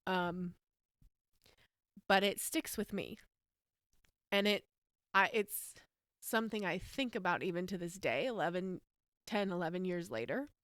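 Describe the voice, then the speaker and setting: A woman's voice: lowish voice, unhurried, pauses often, fairly bright tone, dry recording, studio quality. A woman in her thirties from the United States, hosting a podcast and telling a personal story in a candid, rambling, emotional way. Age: 30s. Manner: candid, rambling, emotional, with frequent fillers and laughs. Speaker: podcast host.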